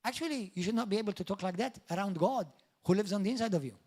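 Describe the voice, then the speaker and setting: High-voiced preacher, emphatic. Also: male voice, very fast, darkish tone. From Malta. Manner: emphatic, declamatory preaching with rising exclamations. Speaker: pastor. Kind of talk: sermon.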